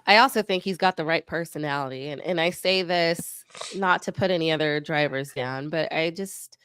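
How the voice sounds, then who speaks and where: Lively woman podcast co-host, dry close mic. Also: deep voice, clean tone, dry recording. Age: middle-aged. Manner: animated, teasing, quick to question. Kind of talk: casual chat.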